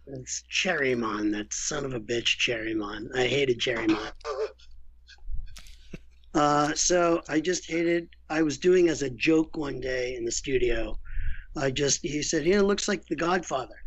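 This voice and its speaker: A man guesting as a voice actor, chatting casually and telling candid, animated stories about his work. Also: mid-range voice, a little slow, husky. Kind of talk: casual interview chat. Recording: lo-fi muffled audio.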